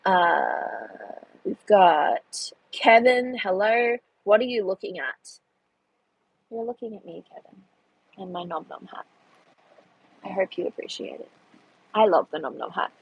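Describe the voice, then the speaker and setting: A woman's voice: medium pitch, lively intonation, a little slow, gravelly, pauses often, breathy edge, dull audio. A young woman, hosting a casual live stream and chatting through the chat with a self-deprecating manner. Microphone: phone.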